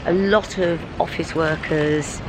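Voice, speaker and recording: A middle-aged British woman chatting to her camera in a casual vlog, her voice on the low side for a woman and leaping up when she gets worked up. Faint noise sits under the recording. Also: slow pace. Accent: British English. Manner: exasperated ranting, animated swings in pitch. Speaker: vlogger. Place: at home and out on a city street.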